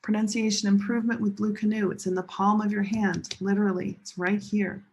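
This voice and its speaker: A woman teaching English pronunciation to a class, slowly modeling sentence stress and repeating example sentences. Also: mid-range voice, flat delivery, slight background noise. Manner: slow, drawn-out modeling of sentence stress with repetition. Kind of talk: classroom lesson demonstrating an app.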